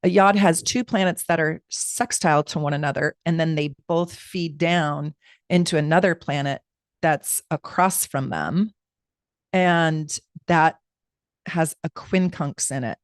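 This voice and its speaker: A woman's voice: low-pitched, measured pace, no echo, studio quality. A woman astrologer giving casual live-stream chart readings, chatty and rambling, talking straight to her viewers from home.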